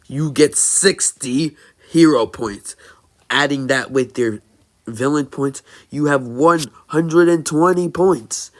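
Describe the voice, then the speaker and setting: A man voicing a loud, cheerful adult male hero mentor in a fan-made story, speaking with halting, theatrical emphasis. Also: a little high, voice pushed up. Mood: booming.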